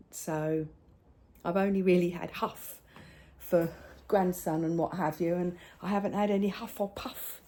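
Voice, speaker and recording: Older woman, home crafting vlogger; relaxed mellow voice, rambling chatty delivery with quiet asides. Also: fairly low pitch. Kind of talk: casual chat showing crafts.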